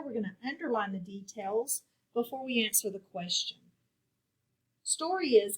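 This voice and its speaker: A woman teaching a phonics lesson, walking through a worksheet and sounding out each word clearly and patiently. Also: fairly high pitch, poor audio. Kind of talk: classroom lesson walkthrough.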